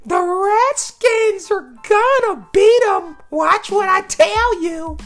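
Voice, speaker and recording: A man imitating a stubborn old woman of about seventy who speaks slowly and insistently in a high, pinched voice. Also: fairly bright tone, faint music behind, full character voice.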